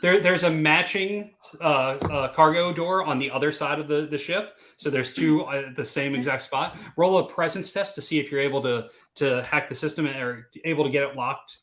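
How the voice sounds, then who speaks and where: A man's voice: on the high side, moderate pace, hardly any pauses, fairly bright tone, slight background noise. A man narrating as game master in a tabletop role-playing session, casual and full of fillers.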